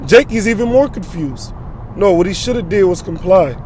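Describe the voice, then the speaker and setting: A man with a high, mellow voice gives an informal sermon while in transit. He quotes scripture and keeps checking in with his listeners, with faint traffic noise behind him. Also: animated, moderate pace. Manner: quotes scripture, asks "all right?" and "you know?" often. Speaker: preacher.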